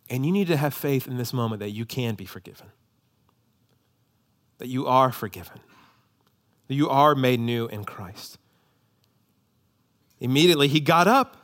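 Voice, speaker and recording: A man preaching a sermon, swinging between loud, urgent emphasis and hushed, intimate appeals. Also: medium pitch, big pitch swings, normal speed, pauses often. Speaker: pastor.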